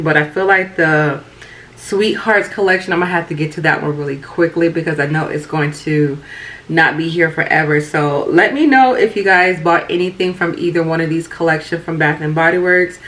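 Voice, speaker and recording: Hoarse woman in her thirties, raspy and low-pitched, for a loose, chatty vlogger read. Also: fairly bright tone. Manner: chatty, rambling, many fillers and restarts. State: hoarse from a cold. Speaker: beauty vlogger. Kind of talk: casual chat.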